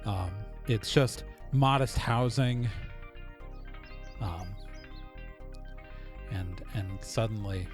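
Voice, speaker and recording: A man's voice: fairly low pitch, drawn-out words, long pauses, over music. A man running a tabletop game as game master, narrating in a rambling way full of fillers and restarts. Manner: rambling, self-interrupting narration with many fillers.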